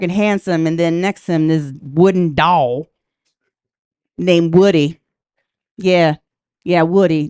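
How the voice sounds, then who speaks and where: A woman's voice: lowish voice, clean tone, no room sound, clean studio sound. Brash profane woman doing stand-up. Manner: brash, profane, conversational with the crowd. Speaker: stand-up comedian. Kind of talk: stand-up comedy set. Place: comedy club stage.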